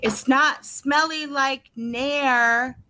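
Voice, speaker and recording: A woman playing a dreamy auditioner who speaks in a high voice and stretches every word very slowly. It is an improv comedy bit performed over a video call from home. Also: steady tone, pushed and bright, heavily acted. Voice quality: slow, drawn-out, high delivery.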